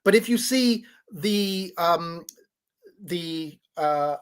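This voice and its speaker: A man with a slightly higher voice than most talks through an explanation in a loose, casual way. He stumbles and restarts often, repeats his words, and keeps checking in with his listener. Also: extremely slow, clear, resonant tone. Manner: teaching tone, checks in with "right?". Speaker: podcast host.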